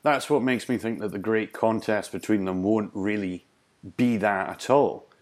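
Man, podcast host, lowish voice, jokey casual chat. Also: moderate pace. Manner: chatty, jokey, with frequent restarts.

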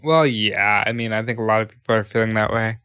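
A man's voice: fairly low pitch, fairly even intonation, sharp tone, clean tone, no room sound. Opinionated man on a dull, dry mic. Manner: opinionated, profane, quick. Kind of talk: casual wrestling chat.

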